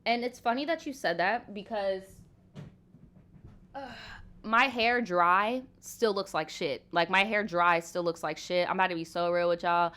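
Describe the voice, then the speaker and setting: A young woman in her twenties chatting on a live Q&A stream. She talks frankly and loosely, with plenty of "like"s, and swears casually. Her pitch sits mid-range for a woman. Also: a little slow, a bit bright. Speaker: livestream host.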